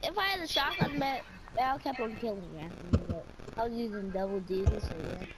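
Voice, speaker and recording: A woman's voice: on the high side, animated, fast talker, over a noisy crowd. A woman streaming a video game, chatting casually and trash-talking her teammates. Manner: loud trash talk, swearing. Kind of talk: casual chat while gaming. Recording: loud game noise behind.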